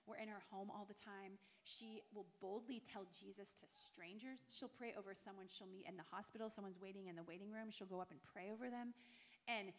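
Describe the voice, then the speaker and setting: A woman's voice: medium pitch, steady tone, brisk. A middle-aged woman telling a heartfelt story to a church gathering, earnest and full of fillers. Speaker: guest missionary. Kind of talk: church testimony talk.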